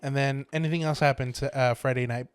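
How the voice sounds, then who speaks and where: A man co-hosting a podcast keeps the talk going with questions and short prompts in casual chat. His voice sits in a middle pitch and is picked up dry and close. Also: fairly even intonation, quick pace, clear, resonant tone, dry recording. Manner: asks questions, prompts the story. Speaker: podcast co-host.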